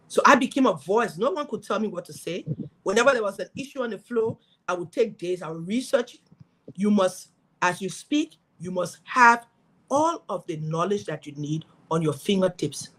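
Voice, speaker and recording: A middle-aged woman from Liberia speaking, a guest in an interview telling her story as a former senator with lively, preaching energy. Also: medium pitch, a little hiss or hum, low-quality recording. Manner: animated, preaching storytelling with acted quotes.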